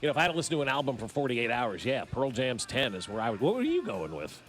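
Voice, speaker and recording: Animated, laughing sports radio host. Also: male voice, mid-range voice, fast, soft background music. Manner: rambling, stumbling restarts, laughs often. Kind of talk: casual sports radio banter. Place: radio studio. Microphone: studio microphone.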